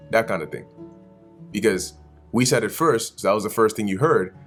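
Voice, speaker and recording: A man's voice: on the low side, moderate pace, soft background music. A man giving a casual, slangy Bible study commentary, often acting out the characters. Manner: animated, slangy, acts out characters. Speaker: Bible teacher.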